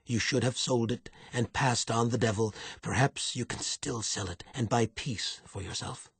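A man reading aloud, voicing a stern, protective older brother with a low, measured, authoritative delivery. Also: vocal fry, breathy edge, no echo.

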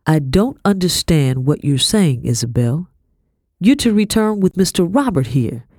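A woman's voice: fairly low pitch, sing-song, dark tone, no echo, studio quality. A woman reading a storybook, voicing a formal, cautious male pastor who evades hard questions. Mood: stiff, formal. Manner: formal, evasive, measured. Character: stiff, cautious man, a pastor.

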